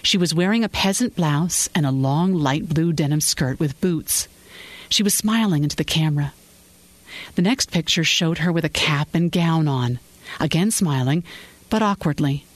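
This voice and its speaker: An audiobook narrator reading a story in a measured storytelling way, close to the mic. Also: mid-range voice, dry recording. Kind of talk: scripted narration.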